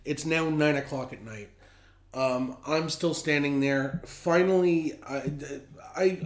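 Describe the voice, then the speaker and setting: A man hosting a podcast, telling a story in a blunt, heated and profane way. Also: mid-range voice. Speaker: podcast host. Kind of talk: casual storytelling. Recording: roomy echo.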